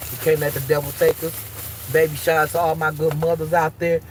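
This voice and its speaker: A woman's voice: low voice, level tone, a little fast, slight background noise. A woman hosting a casual live stream, talking emphatically and with plenty of swearing, moving between heated outbursts and tender encouragement.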